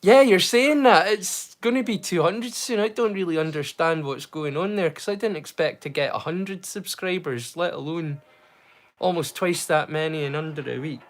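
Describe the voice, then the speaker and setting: A man's voice: a little high, normal speed. A man hosting a casual livestream, talking in hesitant bursts full of fillers and restarts, with a mild stammer he keeps hidden. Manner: excitable, animated bursts. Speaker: livestream host.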